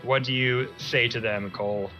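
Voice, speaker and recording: Bright-voiced male game master. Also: mid-range voice, normal speed, highs cut off, faint music behind. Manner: casual, relaxed narration with fillers. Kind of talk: narrating a tabletop game.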